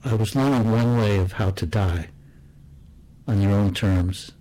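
A man quietly telling a personal story in a soft, reflective, low-key way. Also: measured pace, low-quality recording.

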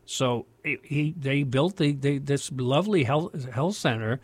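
An older American man recounts memories in a meandering, conversational way, often stopping to restart a thought. His voice sits at an ordinary middle pitch, and the recording is close and dry. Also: a little slow, husky, no echo. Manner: rambling, many restarts and fillers. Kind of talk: casual spoken storytelling.

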